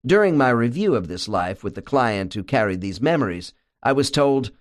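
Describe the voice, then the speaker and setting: Reading scripted audiobook narration, a man delivers a measured, expressive performance at medium pitch. The recording is studio quality, with no echo.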